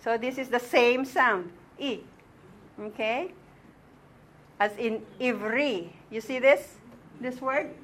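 A woman with a slightly high voice leads a classroom lesson at an unhurried pace. She sounds patient, sounding out words again and again and checking in with her students. A faint hum of ambience sits behind her. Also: fairly bright tone. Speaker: Hebrew teacher.

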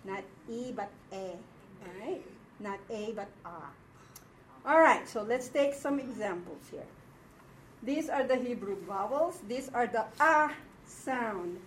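A woman teaching a Hebrew class in a classroom, slow and patient, often checking that her students follow. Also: a little high, animated. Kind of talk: classroom lecture. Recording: echoey room from far off, faint noise.

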